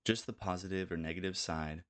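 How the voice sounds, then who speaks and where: Older male audiobook narrator, deep low voice, calm and measured delivery. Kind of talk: scripted narration.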